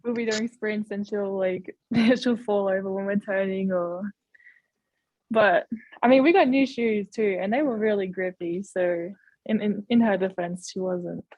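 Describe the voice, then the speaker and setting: A woman's voice: medium pitch, measured pace, a little mellow, no room sound. A young Australian woman, a college basketball player, chatting casually on a video call and laughing between phrases. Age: young adult. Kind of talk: casual interview chat.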